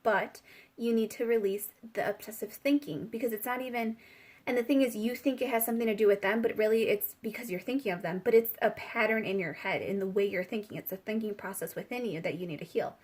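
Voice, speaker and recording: A woman's voice: mid-range voice, quick pace, breathy edge. A woman giving a casual spiritual tarot reading, chatty and giggly, with many fillers. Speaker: tarot reader.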